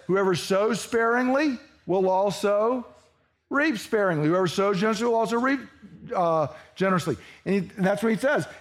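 A man preaching a verse-by-verse sermon as pastor, talking conversationally and asking his listeners to fill in words. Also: sits high. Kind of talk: expository sermon.

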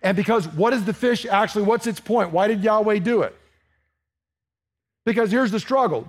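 A man's voice: high voice, normal speed, long pauses, slightly rough. A man preaching a sermon to a congregation, asking them questions and acting out the dialogue of the story. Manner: animated, asks the congregation questions, acts out dialogue.

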